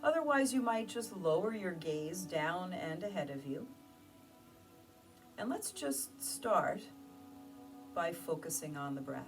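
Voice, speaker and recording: A woman teaching meditation, guiding her listeners through breathing with gentle, slow instructions and soft pauses. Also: on the low side, big pitch swings. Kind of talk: guided meditation. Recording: distant mic with music behind. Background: soft music.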